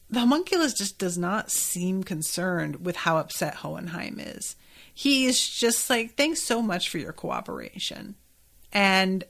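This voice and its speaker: A woman talks through an episode in a loose, conversational recap. Her delivery wanders, full of filler words and quick asides, like a friend thinking out loud. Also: on the low side, vocal fry. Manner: chatty, rambling, many filler likes. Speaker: podcast host.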